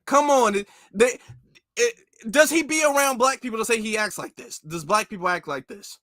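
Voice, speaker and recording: A man's voice: very high voice, moderate pace, sharp tone, dry recording, studio quality. A man hosting a commentary show, reacting casually and emphatically, repeating his points. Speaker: commentary channel host.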